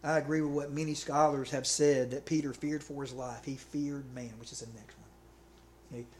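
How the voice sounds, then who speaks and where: Preaching in a fairly high, steady voice with a darkish tone at a moderate pace, a man keeps his sermon conversational. He regularly checks in with the congregation, saying "okay" and "right."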